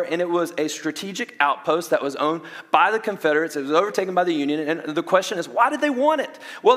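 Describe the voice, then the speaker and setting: A young adult man with a Southern US accent, preaching a sermon in an animated way, with quick asides and restarts. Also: high voice. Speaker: pastor. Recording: long reverb of a large hall.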